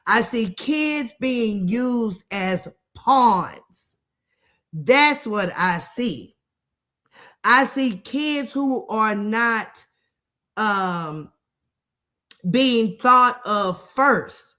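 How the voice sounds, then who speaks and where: A woman's voice: mid-range voice, expressive, very slow, bright, forceful tone. A middle-aged woman hosting casual live-stream commentary. She is blunt and profane, laughs often and reacts to viewer comments.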